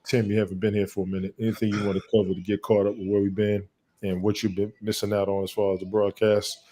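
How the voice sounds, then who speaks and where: A man's voice: lowish voice, flat delivery, quick pace, dark tone. A man hosting an online sports chat show, laid-back and slangy, often repeating words as he gets going. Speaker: podcast host.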